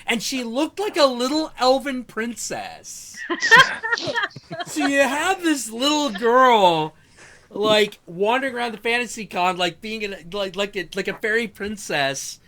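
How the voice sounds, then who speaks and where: A male stream host tells casual, animated stories, swearing freely and tripping over his own restarts. His voice sits high and swings widely in pitch. The tone is bright and forceful. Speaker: show host. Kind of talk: casual storytelling on a live stream.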